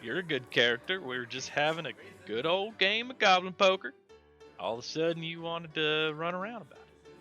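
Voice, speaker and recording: A man voicing a smooth-talking, sly half-elf cardsharp with a folksy, soothing manner. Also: fairly high pitch, brisk, sharp tone, faint music behind, voice pushed up.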